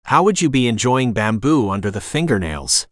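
A man voicing a confident, eerie stranger who speaks in formal, oddly worded phrases with calm menace. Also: mid-range voice, normal speed, dry recording, clean studio sound, natural voice. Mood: calm menacing.

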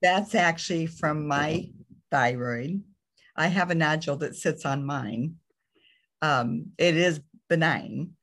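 A woman in her fifties with a raspy voice, joking easily in casual podcast chat. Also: deep voice, fairly bright tone. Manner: slow, easygoing, joking. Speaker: podcast co-host.

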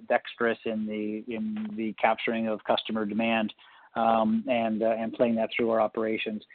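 Flat-voiced man on a tinny phone line. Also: lowish voice, no room sound. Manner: halting, many fillers. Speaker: company executive on an earnings call. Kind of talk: conference call answer.

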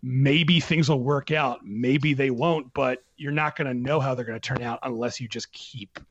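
A man talking about films as a podcast guest, in an animated casual way with many restarts and fillers. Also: mid-range voice, normal speed, no room sound, highs cut off. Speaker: film critic guest.

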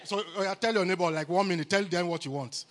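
A man with a Nigerian accent preaching a sermon at a church camp meeting, exuberant and calling for responses, at times rising to shouts. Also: high-pitched, fast talker, a little hiss or hum. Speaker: guest preacher.

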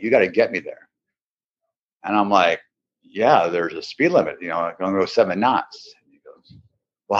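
A man with a husky, fairly low voice spins a casual anecdote. He acts out the people in the story as he goes. The recording sounds dull and lo-fi. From Seattle area. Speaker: podcast guest.

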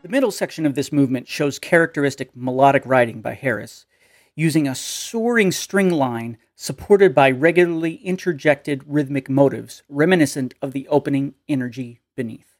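A man lecturing on music history in a measured, explanatory and precise way. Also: mid-range voice, no room sound, clean studio sound. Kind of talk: lecture narration.

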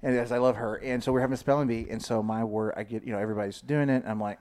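Animated storytelling male podcast host. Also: medium pitch, racing, few pauses. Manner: animated, mimics himself in anecdotes. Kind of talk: casual chat, storytelling.

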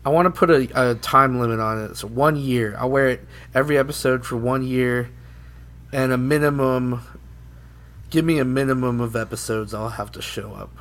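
A man's voice: mid-range voice, moderate pace, a bit bright. A man joking and laughing his way through casual podcast banter. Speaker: podcast co-host.

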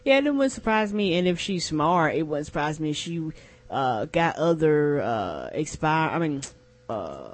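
A woman's voice: low-pitched, very animated, measured pace. A woman co-hosting a podcast, talking in loose, slangy casual chat. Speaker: podcast co-host.

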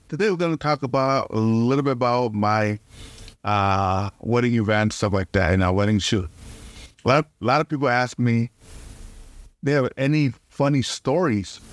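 Man, podcast host, halting rambling storytelling, mid-pitched voice. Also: no echo. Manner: halting, rambling, lots of restarts and fillers. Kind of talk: casual storytelling monologue.

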